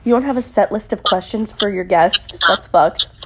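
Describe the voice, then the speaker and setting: Woman, podcast guest, mid pitch, teasing, blunt, swears freely, casual chat. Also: moderate pace, noisy background.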